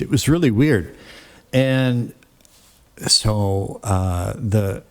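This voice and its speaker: A man with a fairly low voice talks slowly through a casual software tutorial from his home computer setup. He rambles, trails off with fillers and corrects himself as he clicks through settings. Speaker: tutorial host.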